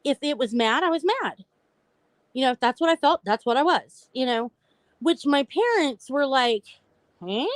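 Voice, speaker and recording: Expressive and high-voiced, the host talks at a normal speed with no echo. She opens up about her own experiences on her mental health live stream, casually addressing viewers.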